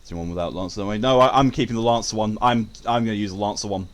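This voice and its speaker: A man's voice: lowish voice, quick pace. A young man streaming a game, joking crudely and reading out chat. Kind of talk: casual live-stream chat.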